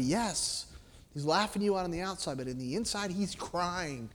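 A man preaching a sermon as pastor, animated, acting out little voices and dropping to a soft hush to make his points. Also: high voice, normal speed. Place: church sanctuary. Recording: long reverb of a church hall.

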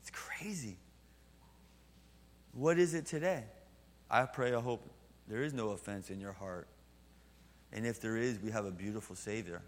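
A man preaching a sermon in a church and leading a closing prayer, earnest, slowing down to stress key lines. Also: lowish voice. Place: church sanctuary. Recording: long church reverb.

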